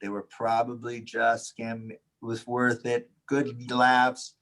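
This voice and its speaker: A man co-hosting a casual talk, telling an anecdote with lively quoted dialogue, frequent laughs and swearing. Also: mid-range voice, slow pace. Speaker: Taoist teacher, podcast co-host. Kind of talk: casual storytelling chat.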